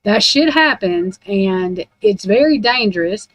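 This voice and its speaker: A woman's voice: medium pitch, expressive, a little slow, dry recording, low-quality recording. A woman in a casual, rambling rant about true crime, blunt and heavy on profanity.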